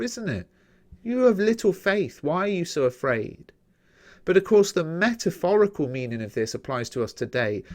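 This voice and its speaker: A man with an English accent teaching a Bible study lesson in a conversational, explanatory way, often checking in with "okay?". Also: mid-range voice.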